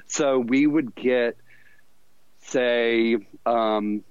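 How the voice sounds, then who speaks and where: A man's voice: medium pitch, very slow, clear, resonant tone, no room sound. Southern guy in his 50s rambling thru old stories, laughs at himself a lot, kinda dull lo-fi sound. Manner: rambling, self-deprecating, laughs often. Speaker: podcast guest, fashion designer. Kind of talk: casual storytelling interview.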